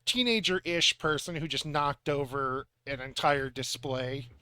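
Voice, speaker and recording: A man's voice: a little high, a little slow, sharp tone, smooth, no echo. Hesitant male dungeon master, dry sound. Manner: loose, hesitant narration full of fillers. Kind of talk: narrating a tabletop game.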